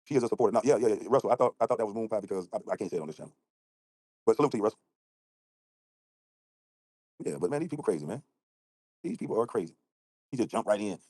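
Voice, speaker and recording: A man livestreaming from an outdoor balcony at night, ranting rapidly and combatively and acting out both sides of an argument. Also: fairly low pitch, lively intonation, darkish tone, no echo. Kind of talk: heated casual livestream rant.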